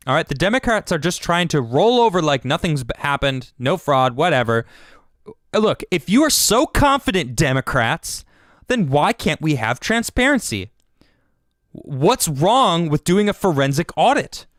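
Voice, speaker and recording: A man's voice: fairly high pitch, big pitch swings, unhurried, fairly bright tone, no echo, clean studio sound. A man hosting a livestream and giving heated political commentary. He stammers, restarts and repeats his words. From United States. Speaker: show host.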